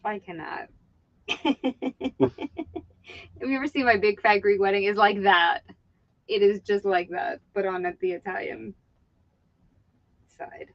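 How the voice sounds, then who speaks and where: A chatty, giggly woman from Virginia talks casually while she works on her reselling. Her voice sits at a middle pitch and is full of fillers and laughter. The recording sounds a bit dull and lo-fi. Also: fairly even intonation, measured pace, pauses often, no room sound. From Virginia, USA. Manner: chatty and giggly, lots of "like" and "you know what I mean". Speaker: eBay reseller and channel host. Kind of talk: casual chat while working.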